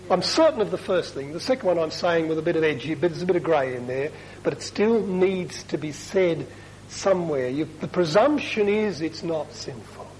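Chatty priest, emphatic asides, higher voice. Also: male voice, a little mellow, slight background noise, low-quality recording. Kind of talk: talk to a parish group.

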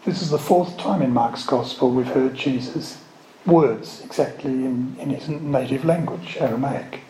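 A man's voice: medium pitch, reverberant, a crowd in the background, low-quality recording. A man preaching a sermon and explaining words step by step, stopping now and then for asides. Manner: slow, explanatory, with word studies and asides.

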